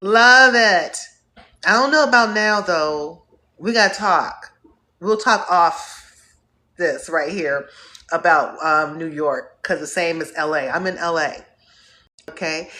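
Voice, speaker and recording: A woman from Northeast Ohio hosting a live stream, warmly greeting viewers by name in an effusive, upbeat way. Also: on the low side. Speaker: host.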